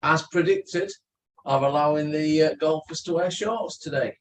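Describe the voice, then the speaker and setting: A man's voice: fairly high pitch, moderate pace, slight background noise. A man co-hosting a live chat stream, teasing and chatty as he reads out viewer comments. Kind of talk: casual chat.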